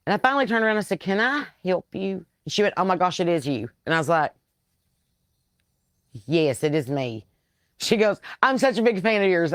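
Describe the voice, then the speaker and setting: A woman with a Southern US accent, a comedian hosting a casual live chat and telling rambling stories, full of lively quoted voices. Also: sits low, no room sound, clean studio sound. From American South. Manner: rambling, chatty storytelling with animated quoted voices. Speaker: comedian and podcast host.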